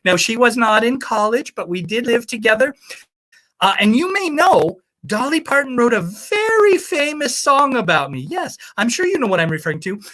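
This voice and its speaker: A rambling, cheerfully misinformed self-proclaimed primatologist, played by a woman calls bingo numbers in a put-on accent that slides toward the American South. Her voice sits a little high and swoops all over the place as she drifts from one tangent to the next. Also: sing-song, moderate pace, fairly bright tone. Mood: chatty. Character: scatterbrained self-proclaimed primatologist woman, sister of a famous chimp expert. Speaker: bingo caller. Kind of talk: comic live-stream character bit.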